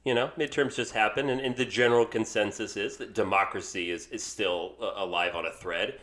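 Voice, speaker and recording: A man's voice: lowish voice, fairly even intonation, a little fast, fairly bright tone. A man co-hosting a podcast, joking playfully with mock-formal asides. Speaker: podcast co-host. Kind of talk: casual chat.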